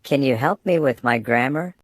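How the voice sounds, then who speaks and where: A man's voice: medium pitch, moderate pace, no echo. Man reading student phrases, dry and close. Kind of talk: scripted phrase reading for learners.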